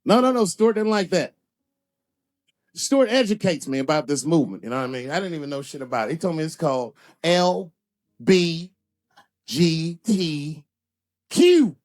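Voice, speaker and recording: A man performing a stand-up comedy set, telling stories with animated delivery and acting out other people's voices. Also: fairly high pitch, moderate pace, long pauses. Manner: animated storytelling, acts out characters' voices.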